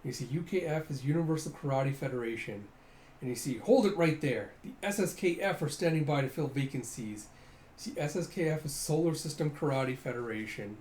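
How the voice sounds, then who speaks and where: A man casually reading through a comic, narrating in an excitable way, constantly saying "you see" and "he's like.". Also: fairly high pitch, a little fast, a little hiss or hum. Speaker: comic reader.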